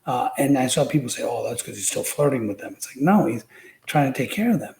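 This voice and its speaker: A man's voice: mid-range voice, quick pace, creaky, echoey room, rough recording. A man talking as a podcast guest, telling stories with animation and acting out the quotes. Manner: animated storyteller, acts out quotes. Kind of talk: casual political chat.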